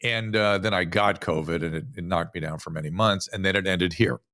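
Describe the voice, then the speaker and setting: A physician from the United States speaking as an interview guest, telling a story animatedly with frequent restarts. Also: male voice, low-pitched, fairly quick, pushed and bright, dry recording, clean studio sound. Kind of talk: casual interview conversation.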